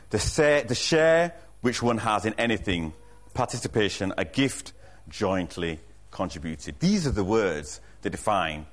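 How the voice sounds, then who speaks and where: Male pastor, sermon delivery; fairly low voice, earnest and emphatic, hammers key lines by repeating them, restarts phrases as he thinks aloud. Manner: frequent restarts and self-corrections. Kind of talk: sermon to a congregation.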